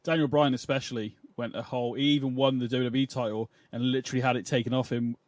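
A man co-hosting a wrestling podcast, talking casually and quickly, hedging often as he makes his points. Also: mid-range voice, steady tone, no room sound. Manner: quick, conversational, hedging with "I mean". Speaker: podcast co-host.

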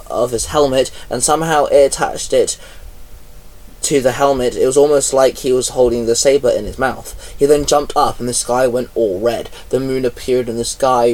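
A man reading his own action story aloud at an unhurried pace, now and then pausing on a stumble. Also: medium pitch, darkish tone. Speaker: fan fiction reader. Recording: voice a bit far from mic.

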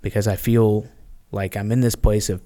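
Earnest, halting man with a low voice. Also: level tone, warm tone. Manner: earnest and halting, with frequent restarts. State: tired. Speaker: podcast guest. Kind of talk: candid conversation.

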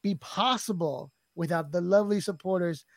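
A man hosting a podcast, upbeat and joking, with quick asides. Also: sits high, creaky, no room sound. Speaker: podcast host.

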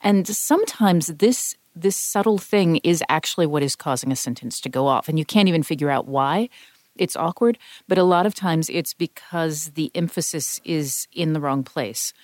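Low-voiced woman explaining craft. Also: normal speed, no room sound, studio quality. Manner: thoughtful, explains with worked examples. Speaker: podcast co-host and voice actor. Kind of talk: casual podcast discussion.

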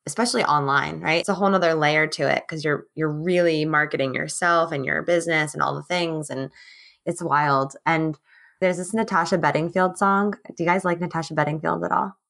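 A woman's voice: low-pitched, fairly bright tone. A woman guest on a podcast call, chatting candidly and emphatically about her business, with lots of "like". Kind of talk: casual podcast chat. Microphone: remote call.

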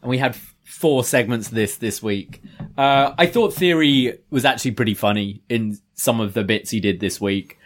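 A man's voice: medium pitch, normal speed. A man co-hosting a podcast, chatting casually with frequent laughs and hesitant restarts. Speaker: podcast co-host. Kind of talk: casual chat.

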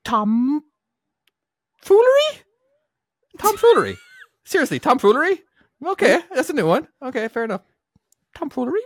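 A man doing a high falsetto cartoon mouse voice on a podcast, reading out names with a giggly manner. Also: huge pitch swings, moderate pace, long pauses, no echo, clean studio sound, heavily acted. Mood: gleeful. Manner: giggly falsetto, breaks into laughs. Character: high squeaky cheerful cartoon mouse, male. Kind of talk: podcast impression.

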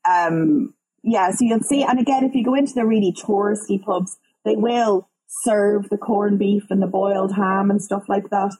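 A woman in her thirties with a Dublin Irish accent, telling lively stories and using local slang as a guest on a talk show. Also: medium pitch, normal speed, husky, poor audio. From Ireland. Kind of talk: casual chat.

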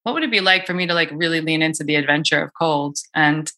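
A bright-voiced woman coach talks through cold exposure in a loose, chatty way, full of fillers and restarts. Her voice sits a little low for a woman. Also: quick pace. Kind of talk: casual podcast conversation.

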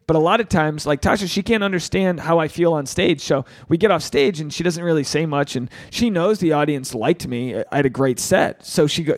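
A man hosting a podcast, talking candidly and animatedly, swearing freely and acting out quotes. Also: on the high side. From Rhode Island. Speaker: podcast host, standup comedian.

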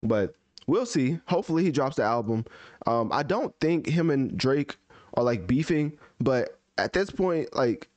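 A man hosts a relaxed music review conversation. He is talkative and opinionated and reasons through sales figures out loud. His voice sits at an ordinary pitch, dry and close to the mic. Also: unhurried, no echo. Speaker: music review podcast host. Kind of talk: casual album review chat.

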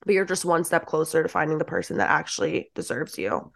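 A woman's voice: sits low, sing-song, brisk, vocal fry. A young woman as a podcast guest, chatting casually and peppering her talk with "like". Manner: chatty, lots of "like", acts out quoted thoughts. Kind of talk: casual chat.

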